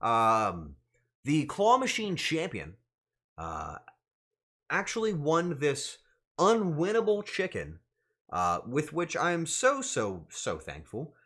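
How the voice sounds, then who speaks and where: Young male streamer, slightly high voice, very expressive pitch, casual, profane, mock-outraged. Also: slow. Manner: animated, swearing, mock-outraged joking. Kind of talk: casual livestream chat.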